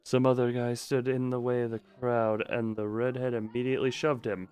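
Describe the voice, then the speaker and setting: A man's voice: medium pitch, expressive, quick pace, clear, resonant tone. Joking streamer man reading game text. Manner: reads game text aloud, breaking off for joking asides. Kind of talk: live gameplay stream, reading a visual novel aloud.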